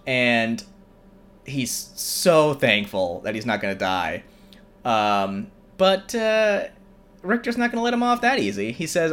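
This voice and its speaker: A man's voice: mid-range voice, sing-song, slow, fairly bright tone. A young man hosting a show, casually recapping a film in a rambling way with many fillers. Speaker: host.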